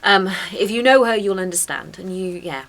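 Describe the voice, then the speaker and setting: A woman's voice: mid-range voice, animated, normal speed, creaky, fairly bright tone, slight background noise. A woman in casual chat, reflective and encouraging as she gives advice.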